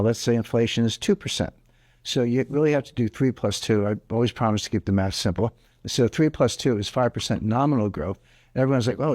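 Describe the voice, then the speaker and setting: A man's voice: medium pitch, darkish tone, dry recording, studio quality. A man giving interview answers on economics in an emphatic, explanatory way, hammering home his key points. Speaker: interview guest, economic commentator.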